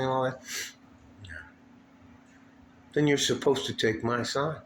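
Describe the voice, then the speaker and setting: A man's voice: medium pitch, fast talker, fairly bright tone. A man venting angrily in a vlog, profane and heated, circling back to the same complaints. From West Texas. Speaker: vlogger. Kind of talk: angry venting monologue. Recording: echoey room with faint ambient noise.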